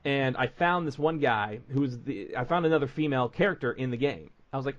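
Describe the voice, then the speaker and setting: A man's voice: mid-range voice, lively intonation, fairly quick, muffled recording. A man hosting a podcast, telling stories in rambling casual chat full of fillers. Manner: rambling storytelling with many fillers. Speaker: podcast host.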